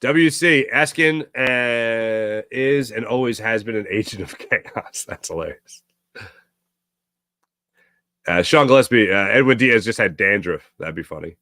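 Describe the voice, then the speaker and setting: A man's voice: on the low side, a little slow, bright, forceful tone, no room sound. A man hosting a sports talk show, ranting sarcastically and casually while reading viewer comments. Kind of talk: casual live-stream chat reading comments.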